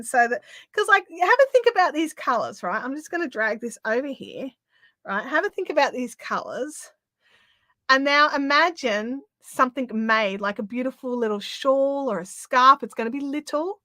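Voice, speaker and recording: A woman's voice: sits high, bright, forceful tone, dry recording. A middle-aged Australian woman hosting a craft livestream, chatting casually with lots of fillers and reading out viewer comments.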